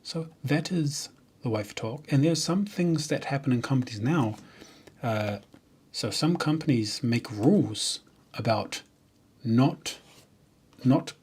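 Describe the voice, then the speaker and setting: A man, a software developer, chatting casually and jokingly on a livestream, rambling with many fillers and restarts. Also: medium pitch, lively intonation, takes it slowly, pauses often, husky.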